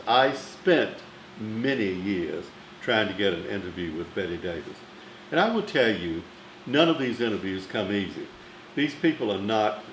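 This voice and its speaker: A man's voice: lowish voice, echoey room, a little hiss or hum, poor audio. An older man with a Southern accent, a former newspaper critic telling theatrical anecdotes in a chatty way. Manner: chatty, theatrical, name-dropping raconteur. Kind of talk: anecdotal storytelling.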